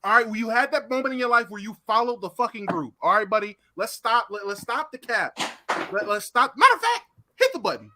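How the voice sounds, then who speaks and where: High, animated man ranting. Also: fairly quick, noisy background. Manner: loud, ranting, profane. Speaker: podcast co-host. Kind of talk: casual podcast chat.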